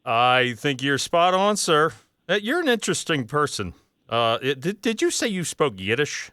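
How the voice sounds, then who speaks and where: A man's voice: fairly high pitch, sing-song, moderate pace, sharp tone, clear, resonant tone, no room sound. A man hosting a talk radio show in a studio, chatting casually with callers and reading listener texts aloud with asides. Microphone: studio microphone.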